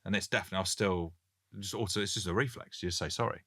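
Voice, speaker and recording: British man, very deep voice, bright tone, joking podcast co-host. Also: very fast, no echo, clean studio sound. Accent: British English. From Britain. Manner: jokey, reads listener messages aloud. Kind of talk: casual podcast chat. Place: Canada.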